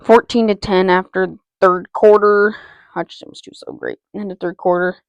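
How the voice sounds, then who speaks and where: An excitable woman calls her own football video game as she plays, chanting player names and muttering to herself between plays. Her voice carries a gravelly fry, and the recording is close and dry, with no room around it. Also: medium pitch, normal speed, dry recording, muffled recording. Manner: excitable, repeats player names, talks to self. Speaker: gaming channel host. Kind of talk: live video game commentary.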